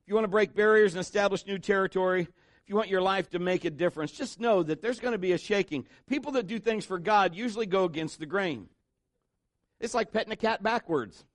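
A man's voice: high-pitched, brisk, no room sound. A man preaching a sermon in church, mixing jokes and acted-out quotes into his message. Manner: joking asides, voices quotes. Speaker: pastor.

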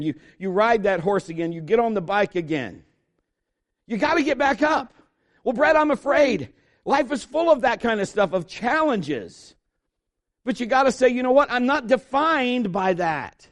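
This is a man preaching a sermon, his voice sitting noticeably high for a man. He is a middle-aged pastor who tells animated stories and acts out the voices of the people he quotes. His delivery stays lively and conversational.

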